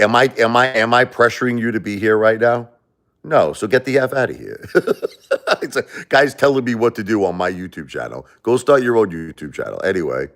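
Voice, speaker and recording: Middle-aged American man, deep voice, livestream host, blunt and emotional. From United States. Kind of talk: livestream rant.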